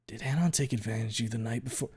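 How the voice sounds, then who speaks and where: A man reading a calm, serene young male creature with a tail in a story. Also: mid-range voice, rapid-fire, breathy edge.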